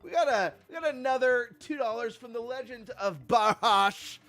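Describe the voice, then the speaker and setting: A man hosting a live stream, chatting casually and greeting viewers with excited energy. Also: very high-pitched, normal speed, soft background music.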